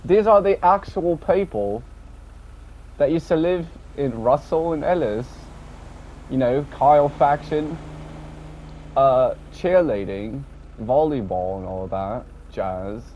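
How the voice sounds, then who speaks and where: A man rambling casually about an online game session, swearing often and tacking on a low, dropped "mate". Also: slow pace, a little mellow. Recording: dull lo-fi audio with faint background noise.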